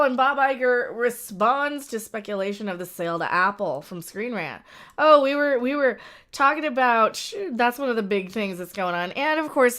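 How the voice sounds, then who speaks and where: A woman's voice: on the high side, a bit bright. A woman hosting a casual livestream, rambling with frequent laughs and restarts. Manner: rambling, laughs often, self-interrupting. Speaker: livestream host.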